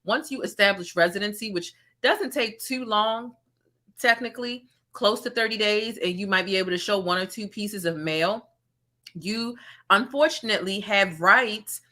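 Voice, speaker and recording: A sassy woman hosts a casual gossip commentary. She talks straight to her viewers in an animated way. Her voice is bright and forceful, at an average pitch. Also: moderate pace. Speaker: commentary channel host.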